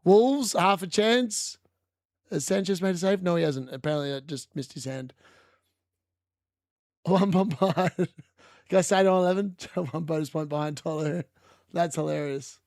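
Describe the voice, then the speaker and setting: A man giving chatty, excitable live commentary on a fantasy football watch-along stream, laughing often and correcting himself as he goes. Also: a little high, a little slow, long pauses, no room sound, studio quality. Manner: corrects himself mid-sentence.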